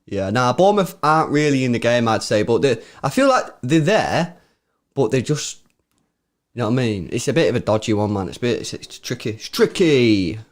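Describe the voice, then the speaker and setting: Young male co-host, casual slangy banter, mid-pitched voice. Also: brisk. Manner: laid-back slangy banter, rises sharply when excited. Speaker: watchalong co-host. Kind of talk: casual live-stream chat.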